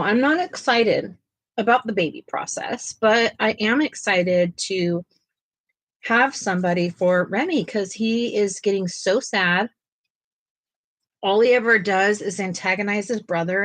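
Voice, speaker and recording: A woman's voice: medium pitch, measured pace, a bit bright, dry recording. A woman hosting a coloring livestream, chatting casually and talking to her viewers in the chat as she colors. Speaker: livestream host.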